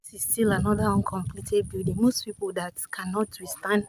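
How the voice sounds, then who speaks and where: A woman's voice: medium pitch, flat delivery, brisk. A Nigerian woman giving a walking-tour vlog commentary outdoors, exclaiming in disbelief and out of breath from the hike. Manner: exclaiming, incredulous, chatty. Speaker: vlogger. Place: outdoors, hilly neighbourhood. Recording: outdoor vlog with background noise.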